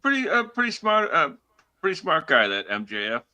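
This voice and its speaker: A man co-hosting a podcast in casual chat, laid-back and halting, with lots of fillers and laughter. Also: fairly high pitch, very animated, pushed and bright. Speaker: podcast co-host.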